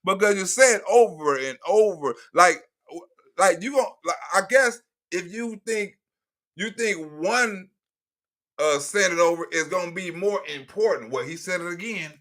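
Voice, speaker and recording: A man's voice: high-pitched, expressive, a little slow, fairly bright tone. A man doing comedic live commentary in a profane, mocking rant. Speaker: livestream commentator.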